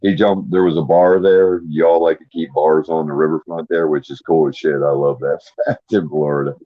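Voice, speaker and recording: Very deep-voiced, angry ranting man. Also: level tone, moderate pace, slightly rough, no echo. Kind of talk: casual chat. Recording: dull, dry sound.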